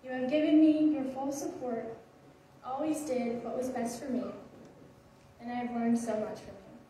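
A woman's voice: high voice, steady tone, normal speed, dark tone, a little hiss or hum. A graduating teenage girl giving an earnest, heartfelt speech at a school ceremony, a little nervous. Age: late teens. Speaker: graduating student. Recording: echoey hall, distant mic.

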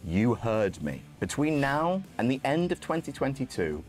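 Wry man narrating with lively pitch. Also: moderate pace, soft background music. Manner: wry, dry humor. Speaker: wrestling commentator YouTuber. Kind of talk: scripted comedic narration.

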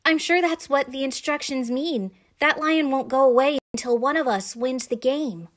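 A woman voicing a bossy, excitable young girl in a storybook read-aloud. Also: sits high, normal speed, voice pushed up, close to an everyday voice. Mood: urgent. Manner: eager, commanding.

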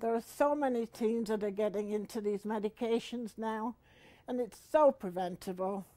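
A woman in her seventies hosting a comedy segment, telling a homey story in a chatty way that climbs to shouts when she acts it out. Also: mid-range voice, dry recording. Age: 70s. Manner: slow, chatty, rising to shouted retellings. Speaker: comedy show host. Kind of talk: comic storytelling to camera.

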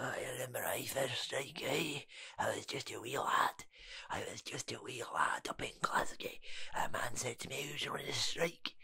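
A gravelly Glaswegian old bowler, whispered role-play. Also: male voice, mid-range voice, sharp tone, voice pushed down, heavily acted. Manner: ends lines with a teasing "eh?". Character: boastful old Glasgow bowler, gruff and cheeky.

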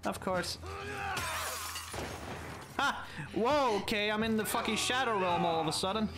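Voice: mid-range voice, measured pace, pauses often, music in the background. A gamer giving casual, playful commentary during a let's play, swearing a lot and taunting the enemies on screen. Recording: game sounds behind voice.

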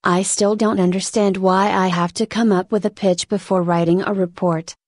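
A woman's voice: medium pitch, steady tone, moderate pace, no echo, clean studio sound, lightly acted. A woman voicing a young male intern who is impatient and defensive, in a spoken story reading. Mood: irritated. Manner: curt, defensive.

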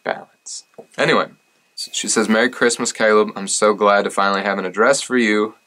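A man's voice: lowish voice, steady tone, fairly quick, sharp tone, rough recording. A young man chatting casually and joking at his own expense as he opens fan mail. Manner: joking and self-deprecating. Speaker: singer and vlogger.

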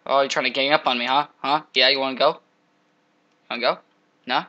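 A young man giving casual, jokey commentary while playing a game, trash-talking monsters with sudden loud outbursts. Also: medium pitch, fairly even intonation, a little fast, pauses often, muffled recording. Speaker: gameplay commentator.

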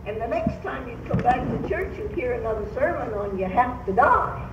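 A woman's voice: high voice, expressive, moderate pace, few pauses, recorded from a distance. An older woman preaching a sermon as a Pentecostal Bible teacher, emphatic and urging the congregation to repeat after her. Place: church meeting. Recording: roomy church hall, recorded from afar, faint noise.

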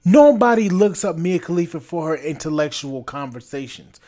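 A man's voice: a little high, expressive, moderate pace, mellow. A man hosting a podcast, delivering a blunt, repetitive, scolding opinion rant. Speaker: podcast host.

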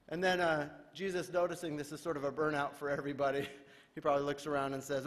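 A male pastor preaching a sermon in a relaxed, conversational way, retelling scripture in everyday modern speech. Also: fairly high pitch, fast. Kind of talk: casual sermon. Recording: reverberant church hall.

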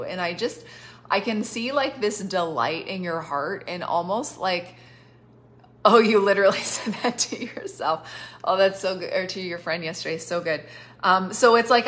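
Her mid-range, fairly bright voice carries a chatty, gushing live stream where she delivers off-the-cuff prophetic words to viewers. She laughs a lot, says "like" constantly, and is coughing while on cough syrup.

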